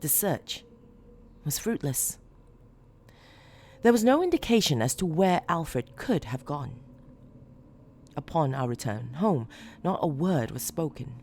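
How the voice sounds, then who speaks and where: A woman reading a horror story as scripted narration, measured and low-key with dramatic emphasis. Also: sing-song, darkish tone, slight background noise.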